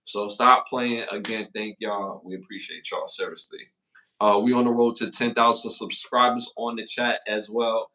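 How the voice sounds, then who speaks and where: A man with a Brooklyn accent and a fairly low voice hosts a casual hip-hop podcast. He talks in energetic, slang-heavy bursts, giving shout-outs to viewers in the chat. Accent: Brooklyn, New York. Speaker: podcast co-host.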